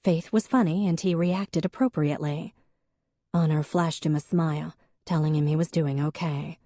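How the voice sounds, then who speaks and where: A woman narrating an audiobook in a measured, even storytelling manner. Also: sits low, no echo, studio quality. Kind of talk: scripted narration.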